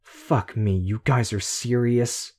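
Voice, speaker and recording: A man voicing a blunt, skeptical female fighter in an audiobook, pushing his voice a little higher and more emphatic. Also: fairly even intonation, slow, darkish tone, husky. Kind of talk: audiobook character voice.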